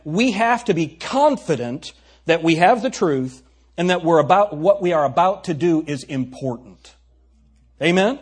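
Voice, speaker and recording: Brief: male pastor, slightly high husky voice, chatty sermon with questions to the pews. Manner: conversational, asks the congregation questions. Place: church sanctuary.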